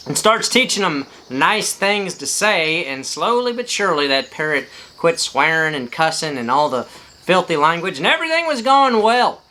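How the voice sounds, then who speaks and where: A man with a bright, fairly high voice shares a devotion from a front porch outdoors. He talks in an easygoing, folksy way, lingering on words with plenty of fillers. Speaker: devotion speaker.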